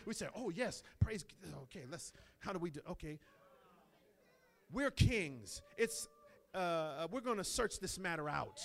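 Man preaching a lively sermon. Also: sits high. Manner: rising to loud exclamations, with quoted asides; drops to slow soft quoted prayers.

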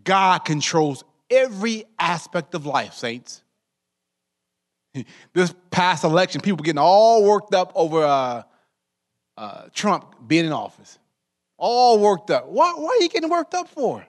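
A man's voice: high voice, sing-song, a little slow. A man preaching a sermon as pastor, calling his congregation saints and drawing them in with call-and-response questions.

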